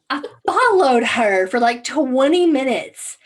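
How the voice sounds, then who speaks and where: A woman co-hosting a podcast, telling a story in casual chat, animated, with many fillers and some swearing. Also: medium pitch, normal speed. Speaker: podcast co-host.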